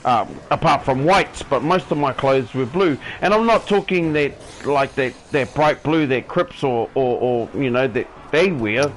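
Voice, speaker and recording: A man's voice: medium pitch, measured pace, hardly any pauses, slight background noise, rough recording. A young man with a New Zealand accent telling a story in casual chat, calling the listener "bro" all the time and acting out the voices of the people he talks about. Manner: relaxed, says "bro" constantly, acts out quoted voices.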